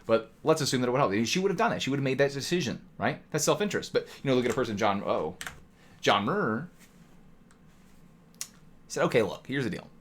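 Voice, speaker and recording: A man's voice: medium pitch, animated, a little fast, pauses often, a bit bright, slight background noise. Streamer-style male lecturer, loose and chatty, fond of rhetorical "right?". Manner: talkative, rhetorical "right?" tags, mock voices. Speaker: streamer teaching economics. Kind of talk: casual lecture to live chat.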